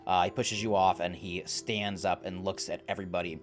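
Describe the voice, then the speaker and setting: A man's voice: deep voice, fairly even intonation, a little fast, music in the background. A man narrating as the game master of a tabletop game in a loose, rambling way, with lots of fillers.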